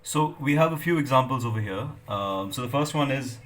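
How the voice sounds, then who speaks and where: A man's voice: medium pitch, expressive, fairly quick, fairly bright tone, faint music behind. A middle-aged man, giving a lecture on academic writing with many fillers and checks of "right?". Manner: hesitant, many fillers and tag questions. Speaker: English lecturer.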